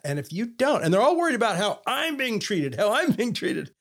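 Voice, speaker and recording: A man with a notably high speaking voice talks in a relaxed, conversational way. He tells earnest stories and slips into the voices of the people in them. He sounds middle-aged. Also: fairly quick. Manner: earnest storytelling with quoted dialogue. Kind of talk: casual conversation.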